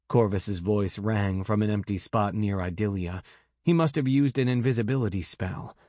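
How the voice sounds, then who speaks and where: A man narrating an audiobook in a measured, dramatic way on a close mic. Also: lowish voice, dark tone, no echo.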